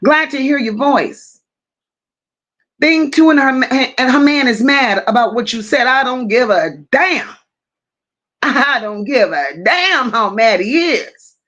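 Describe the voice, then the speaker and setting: A woman's voice: high voice, expressive, a little slow, fairly bright tone, lo-fi sound. A woman hosting a casual livestream, greeting viewers and reading out their comments in a blunt, affectionate manner. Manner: affectionate, calls viewers "my love" and "boo". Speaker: livestream host.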